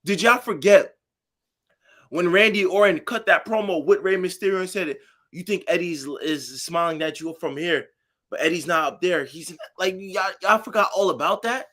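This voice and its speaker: A fairly high-voiced man co-hosting a casual podcast. He rants hard and swears a lot, pushing his point with rising force. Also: normal speed, sharp tone. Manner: heated, profane ranting. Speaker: podcast co-host. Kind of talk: casual chat.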